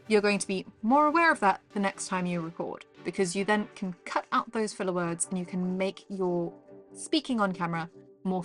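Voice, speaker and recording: A woman with a South African accent and a bright-ish mid-range voice gives casual advice straight to camera. Her coaching is upbeat, encouraging and playful.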